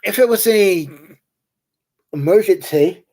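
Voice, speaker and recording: This livestream host has a high-pitched, slightly mellow voice and speaks slowly. He keeps things casual, drifting through rambling chat and jokey, wandering stories.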